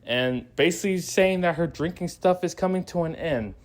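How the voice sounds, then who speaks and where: A man's voice: on the high side, normal speed. Rambling, restarting man reviewing a movie. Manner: rambling plot recap with frequent restarts; laughs and acts out quoted lines. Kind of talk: casual spoiler review.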